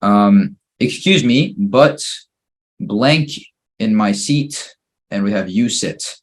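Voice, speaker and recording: A man's voice: lowish voice, lively intonation, slow pace. A man teaching an English grammar lesson, patiently working through fill-in-the-blank exercises and praising each answer.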